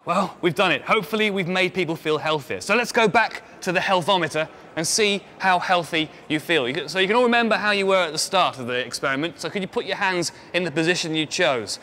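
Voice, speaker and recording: A man's voice: high-pitched, lively intonation, fast talker, few pauses, sharp tone, a little hiss or hum. A man presenting a live science show on stage, upbeat and guiding the audience through a show of hands.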